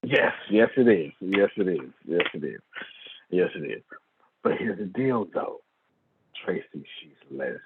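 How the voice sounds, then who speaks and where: A man with a husky, slightly rough voice tells a story to a crowd, his pitch swinging widely as he gets worked up. He keeps calling listeners by name. The sound is thin and tinny, like a phone line, with no room echo. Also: a little slow. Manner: lively, calls on listeners by name, acts out quoted lines. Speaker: motivational speaker. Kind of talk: animated storytelling to an audience.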